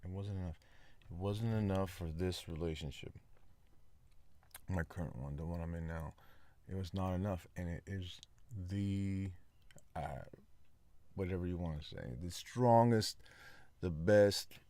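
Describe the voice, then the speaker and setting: A man's voice: deep voice, a little slow, long pauses, dark tone. A man hosting his own podcast, talking in a casual, rambling solo monologue with many fillers and repeats. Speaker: podcast host.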